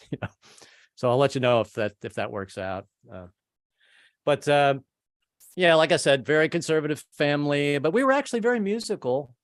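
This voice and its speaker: A man's voice: a little high, expressive, fairly quick, long pauses, no echo, clean studio sound. Rambling stand-up comic man. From American, family from Kentucky. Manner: rambling, repeats words, acts out voices. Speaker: stand-up comedian. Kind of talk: stand-up comedy set.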